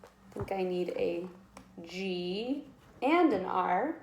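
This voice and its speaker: A woman teaching a kindergarten writing lesson, sounding out letters slowly and encouraging young children. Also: lowish voice, animated, gravelly, a little mellow, reverberant, slight background noise.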